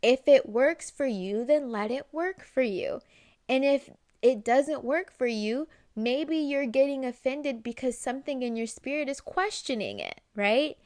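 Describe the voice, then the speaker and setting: A woman giving casual self-help advice straight to camera, chatty, with many "right?" asides and quick acted-out snippets of conversation. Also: high-pitched, big pitch swings, a little mellow, dry recording, studio quality.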